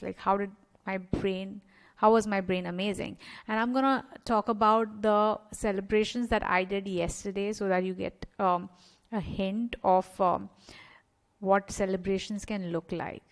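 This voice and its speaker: A chatty woman coach talks casually and loosely, full of fillers. She acts out her own inner thoughts as she goes. Her voice has a gravelly fry at mid pitch. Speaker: doctor and coach.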